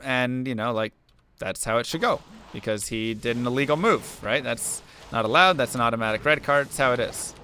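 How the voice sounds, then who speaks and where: A man's voice: mid-range voice, a little fast, pushed and bright, a little hiss or hum. A young man streaming a game, chatting casually and telling an earnest story while making asides about the play. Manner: earnest storytelling, musing aloud between game remarks. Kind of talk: casual chat while playing.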